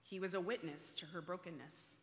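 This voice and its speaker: A woman preaching a sermon, animated with playful asides, then hushed and earnest. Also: fairly low pitch, fairly quick, slight background noise. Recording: long hall reverb.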